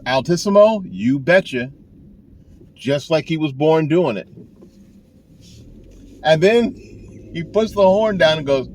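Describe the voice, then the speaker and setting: A man's voice: a little high, animated, takes it slowly, long pauses, darkish tone, a little hiss or hum. An older man, a saxophone teacher, giving casual, folksy advice in a rambling way with frequent restarts, recorded in a car. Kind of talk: casual talking-to-camera advice.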